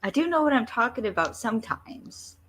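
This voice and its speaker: A woman's voice: a little high, sing-song, a little fast, fairly bright tone, slightly rough. A woman hosting a podcast in loose, jokey casual chat, swearing freely. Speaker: podcast host.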